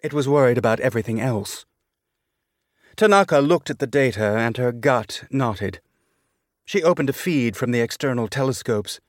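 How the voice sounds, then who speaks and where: A man reading a novel aloud as an audiobook narrator, with a measured, deliberate delivery. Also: medium pitch, expressive, no echo, studio quality. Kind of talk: scripted narration.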